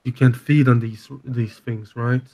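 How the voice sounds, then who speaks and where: Flat-voiced man playing a tabletop game. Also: mid-range voice, a little slow. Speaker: player. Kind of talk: casual tabletop game play.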